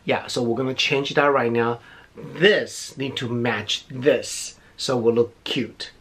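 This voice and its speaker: A man's voice: medium pitch, fairly even intonation, takes it slowly, a bit bright, slight background noise. A middle-aged man, chatting effusively while unboxing gifts, a little out of breath. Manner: gushing, effusive, repeats himself. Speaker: beauty vlogger. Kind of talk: casual unboxing chat.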